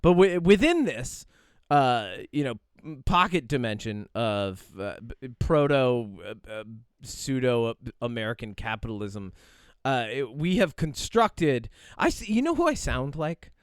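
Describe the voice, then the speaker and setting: A man's voice: medium pitch, big pitch swings, a little slow, clear, resonant tone, no room sound, clean studio sound. A man co-hosting a podcast in casual chat, rambling and exasperated, piling up long wordy phrases. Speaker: podcast co-host.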